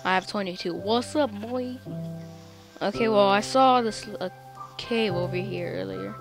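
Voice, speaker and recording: A woman's voice: medium pitch, a little slow, vocal fry. Brief: playful woman host chatting over gameplay, bouncy and silly, game music under her. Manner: goofy and excitable, bursts into sing-song chants. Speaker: let's play host. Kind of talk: casual gameplay chat.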